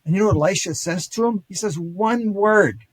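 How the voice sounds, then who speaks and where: An older man with a slightly raised pitch and a husky edge, telling ancient stories as a podcast guest. He jumps into quoted dialogue and trips through restarts and fillers. The sound is close and dry. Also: moderate pace, no echo, poor audio. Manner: animated retelling with acted quotes, many fillers and restarts. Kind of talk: casual storytelling lecture.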